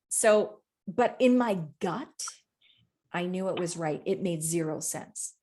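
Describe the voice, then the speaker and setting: A woman's voice: medium pitch, measured pace. A woman co-hosting a podcast and coaching, chatting casually and candidly, swearing freely as she tells stories with animation.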